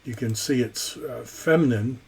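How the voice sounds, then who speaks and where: Slow, husky man teaching Greek. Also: mid-range voice, a little mellow. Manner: slow, halting, many ums and uhs. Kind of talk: recorded lecture.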